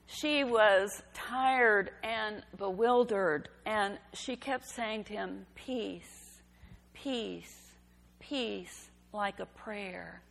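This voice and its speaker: A woman giving a sermon, telling a story in a gentle, unhurried way. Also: medium pitch, gravelly. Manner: slow, gentle storytelling delivery. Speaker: preacher. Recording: reverberant hall.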